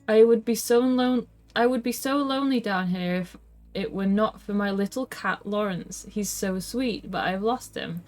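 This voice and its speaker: A woman's voice: mid-range voice, normal speed, a little mellow, soft background music, close to an everyday voice. A woman voicing a haggard old ghost witch in a tabletop gamebook, read in a near-normal voice. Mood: sweetly eerie.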